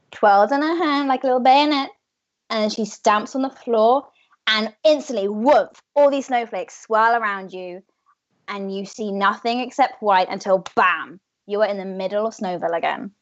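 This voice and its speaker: Slow-narrating woman game master. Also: mid-range voice, dry recording, highs cut off. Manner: vivid, unhurried storytelling.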